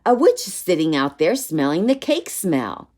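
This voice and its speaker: A woman's voice: lowish voice, big pitch swings, moderate pace, a little mellow. A woman voicing a sensible young boy in a storybook, speaking earnestly and with warning.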